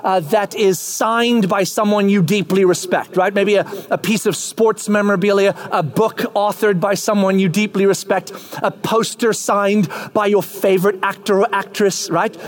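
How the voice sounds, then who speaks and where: A man preaching a sermon in an animated way, acting out little scenes with voices. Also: high-pitched, normal speed. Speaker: pastor.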